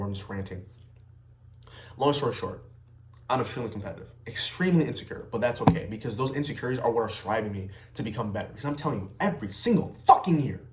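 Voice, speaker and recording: A man's voice: on the low side, a little hiss or hum. Blunt, swearing young man, echoey room. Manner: blunt, heavy swearing, emphatic. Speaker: vlogger, salesman. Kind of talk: unscripted personal rant to camera.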